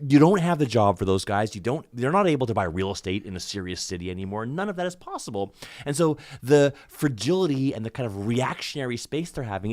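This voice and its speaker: A man from Canada talks as a podcast guest, his pitch swooping up and down as he makes his point. He is emphatic and swears freely. The sound is dry and close, with no room in it. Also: no room sound. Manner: animated, heavy swearing, emphatic. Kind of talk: casual conversation.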